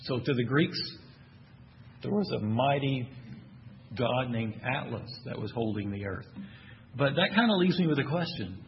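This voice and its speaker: A man's voice: mid-range voice, normal speed, long pauses. Texan guy preaching, middle voice, quizzing the crowd, kinda muffled lo-fi recording w faint room noise. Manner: asks the audience questions, animated and emphatic. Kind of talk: sermon.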